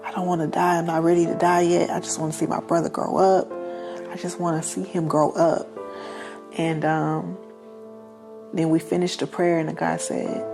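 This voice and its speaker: Gravelly low-voiced woman telling her story. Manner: earnest, acts out quoted dialogue. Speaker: guest.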